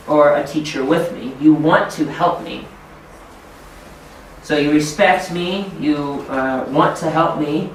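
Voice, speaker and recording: Man, trainer lecturing deliberately, a bit high, distant mic, very echoey room with faint noise. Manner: deliberate, simple phrasing for learners. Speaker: ESL teacher trainer.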